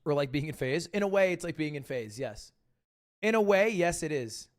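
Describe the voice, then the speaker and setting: Male stream host, joking and rambling, higher voice, swings up and down a lot. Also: expressive. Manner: rambling, joking, quick asides. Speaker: livestream host. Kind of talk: casual reaction-stream chat.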